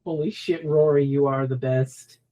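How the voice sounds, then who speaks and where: A woman co-hosting a podcast in casual chat, animated and swearing freely. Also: rumbling low, moderate pace, crowd noise. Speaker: podcast co-host.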